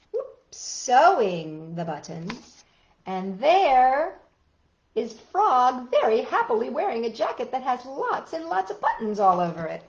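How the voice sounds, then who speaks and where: A woman reading stories aloud to children, bright and sing-song, with her pitch swinging widely. Her voice sits a little high. The recording sounds roomy and a bit dull. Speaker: children's story reader.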